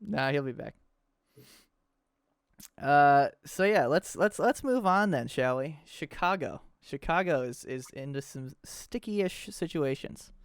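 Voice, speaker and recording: A young man chats casually on a podcast in a smooth, resonant voice pitched a little high. He sounds laid-back. The recording is dry and close. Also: expressive, slow pace, no room sound. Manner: laid-back, says "dude" often. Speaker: podcast co-host. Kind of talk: casual chat.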